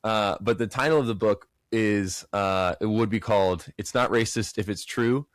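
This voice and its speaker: With a fairly low voice at a moderate pace and no room sound, a podcast co-host chats casually. He tells stories with animation, acting out other people's lines in a raised voice.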